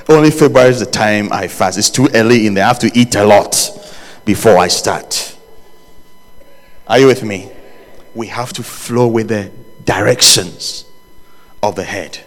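A man preaching a sermon as pastor, swinging from quiet low passages to loud, shouted lines, with jokes and laughter for the congregation. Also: measured pace, pauses often, big-room sound. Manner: animated, rising to shouts and dropping low.

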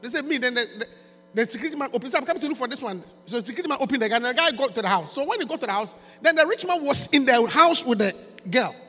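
Preacher guy telling a story, goes quiet then shouts, really lively pitch, echoey hall w/ hum. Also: rapid-fire. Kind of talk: sermon. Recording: reverberant hall with mains hum.

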